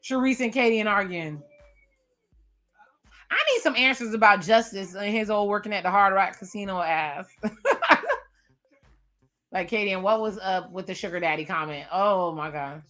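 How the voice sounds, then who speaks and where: A woman's voice: medium pitch, normal speed, fairly bright tone. A young woman giving casual, gossipy commentary while reacting to a reality show, laughing often. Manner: chatty, laughing, gossipy recaps and quotes. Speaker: reaction video host.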